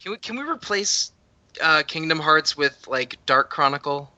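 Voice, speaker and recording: A man co-hosting a casual podcast discussion, quick and upbeat, rattling off lists. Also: fairly high pitch, animated, bright, forceful tone, no echo, dull audio. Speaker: podcast co-host.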